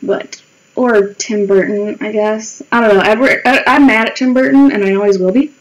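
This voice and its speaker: While drawing on a stream, a woman from the United States chats in a rambling way, cursing and mocking herself as her voice starts to give out. She speaks at a medium pitch with a steady tone and normal speed, over a rough recording.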